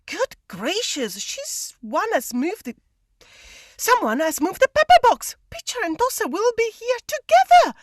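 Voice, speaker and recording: A woman's voice: extremely high pitch, sing-song, measured pace, no room sound, clean studio sound, exaggerated voice. A woman reading a flustered young maid. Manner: fretful, dramatic asides. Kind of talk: script read-through.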